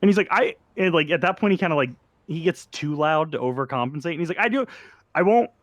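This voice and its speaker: A man's voice: fairly high pitch, quick pace, dry recording. A man narrating as game master in a tabletop game, casual and full of fillers.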